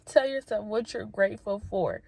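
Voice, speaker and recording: A woman's voice: medium pitch, animated, normal speed, vocal fry, a little mellow, breathy edge, dry recording. A young woman talking to her viewers on camera, sharing heartfelt personal advice in an earnest, emotional way. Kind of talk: spontaneous heartfelt talk to camera.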